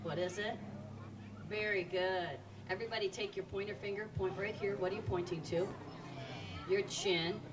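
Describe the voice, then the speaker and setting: A woman's voice: medium pitch, steady tone, moderate pace, recorded from a distance, background noise. A woman presenting live animals to children at an outdoor park show, quizzing the audience in an upbeat way.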